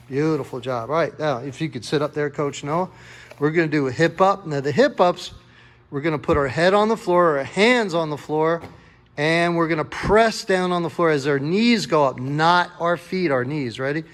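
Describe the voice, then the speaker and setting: Coaching a kids' jiu-jitsu class, a man calls out counts and cheers on a young helper in an upbeat, encouraging way. His voice is a little high and moves at a moderate pace.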